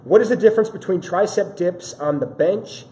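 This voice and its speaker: A man with a high-sitting, dark-toned voice talks at a normal speed while hosting a live fitness stream, greeting viewers in a casual, apologetic way. He's picked up by a camera-mounted mic, and the room echoes with faint ambient noise behind him.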